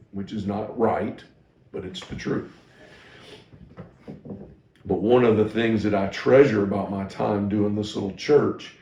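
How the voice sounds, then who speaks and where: A middle-aged man with a low, gravelly voice tells a candid, self-deprecating story to ministry staff as a pastor and teacher. He restarts his sentences often as he works through his thoughts, and the room around him is echoey. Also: darkish tone, slight background noise.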